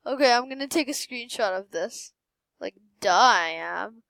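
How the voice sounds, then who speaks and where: A young woman giving excited gameplay commentary at her computer, giddy and squealing, repeating herself over and over. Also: a little high, normal speed, creaky, no echo, rough recording. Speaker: gaming youtuber. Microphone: desktop mic, no webcam.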